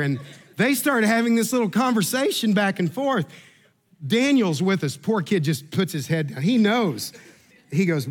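Earnest pastor with a higher voice. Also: male voice, animated, moderate pace. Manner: earnest, repeats words, builds to humorous storytelling. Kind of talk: sermon with humorous personal story.

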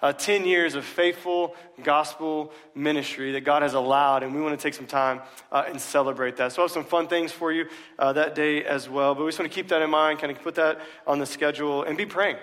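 Casual pastor with a raised voice in a reverberant hall. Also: male voice, on the high side, fairly even intonation, a little fast, a bit bright. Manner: casual, joking, many "uh" fillers. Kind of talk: sermon. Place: church sanctuary. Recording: long reverb of a large hall.

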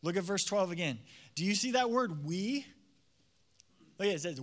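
Bright high-voiced male pastor preaching. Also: moderate pace, long pauses. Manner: animated, acts out quoted voices, many fillers. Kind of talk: sermon.

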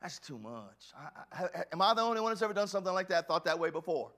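A male pastor preaching a sermon, swinging from hushed, quiet lines to fervent shouts, often repeating words and restarting sentences. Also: high-pitched, very fast.

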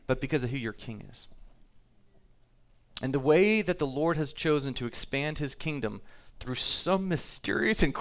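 A man's voice: medium pitch, fairly bright tone, clean tone. A man preaching a sermon to his congregation, talking easily, reading scripture aloud and repeating himself now and then. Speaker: pastor.

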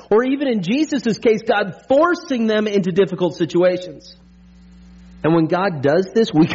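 A man preaching as pastor in an energetic, conversational way, full of playful jokes and frequent "right?" asides to the congregation. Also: sits high. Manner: playful humor and pop-culture jokes. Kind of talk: sermon. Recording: dull lo-fi sermon recording.

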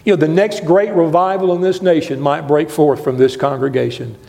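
An older man preaching a sermon as a guest preacher in a church, impassioned, swinging between loud highs and quiet lows. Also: steady tone, brisk, creaky. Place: church sanctuary. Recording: long reverb of a church hall.

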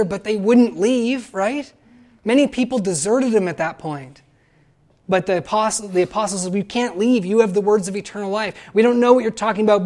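Animated male preacher. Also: high voice. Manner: animated, acts out quoted voices. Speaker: pastor. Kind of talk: sermon.

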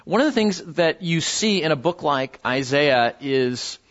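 A pastor preaching a sermon in a conversational way, with many fillers and repeated words, and sudden high jumps in pitch when he quotes someone. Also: lively intonation, a little slow, fairly bright tone, highs cut off. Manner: voices biblical figures with sudden pitch jumps.

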